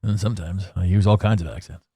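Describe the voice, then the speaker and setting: A man's voice: deep voice, fairly even intonation, fast talker, mellow, breathy edge, dry recording. A tired man in his forties from Canada, ranting sarcastically in a rambling solo podcast monologue. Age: 40s. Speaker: podcast host.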